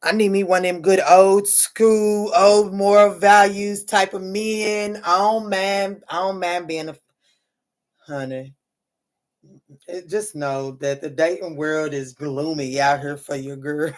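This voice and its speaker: A woman's voice: fairly low pitch, steady tone, takes it slowly. A woman, a mother, hosts a casual tarot livestream and talks straight to her viewers. She speaks bluntly and swears freely, calling her listeners "honey" and "baby". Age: adult mother. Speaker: tarot reader.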